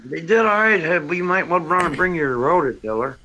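A man's voice: a little high, expressive, normal speed, sharp tone, dull audio. An older man, a priest calling into a radio show, chatting and teasing in a folksy way. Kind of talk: casual phone chat.

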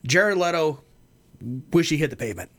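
A man's voice: a little high, animated, moderate pace, a bit bright. A man hosting a casual radio talk show, rambling and laughing often as he tells stories. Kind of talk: casual chat.

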